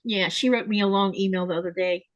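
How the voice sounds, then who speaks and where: A woman's voice: mid-range voice, fairly even intonation, fast talker, dry recording, dull audio. A woman hosting a casual live chat, reading viewer comments aloud and laughing often. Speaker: live stream host.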